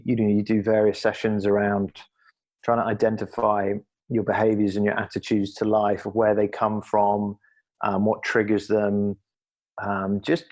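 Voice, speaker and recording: A middle-aged man from England talks candidly in an interview, his low voice staying level and even. He is earnest and reflective, and he often circles back and restarts phrases as he gathers his thoughts. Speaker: podcast guest, former athlete.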